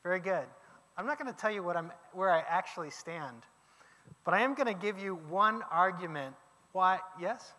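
Bright, high-voiced male teacher, animated classroom lecture with reverb. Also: moderate pace. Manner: lively, questions the class, emphatic exclamations.

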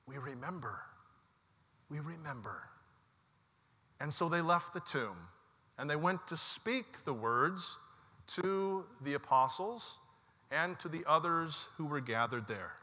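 A man preaching an Easter sermon as pastor, telling the story slowly and leading his congregation in call-and-response. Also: fairly high pitch, expressive, bright, forceful tone, long reverb tail. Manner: slow, measured storytelling with call-and-response prompts. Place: church sanctuary.

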